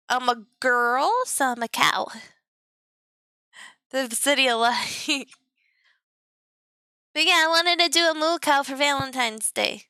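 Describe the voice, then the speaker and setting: High, giggly young woman streamer. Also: bright, forceful tone, clear, resonant tone, no echo, clean studio sound. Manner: giggly, silly, teasing, sing-song. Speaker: VTuber streamer. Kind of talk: playful live stream chat.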